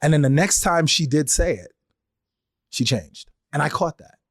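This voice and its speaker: A man's voice: a little high, normal speed, slightly rough, no echo, studio quality. Man musing on a solo podcast. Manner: conversational, acts out quoted exchanges in changing voices. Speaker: podcast host.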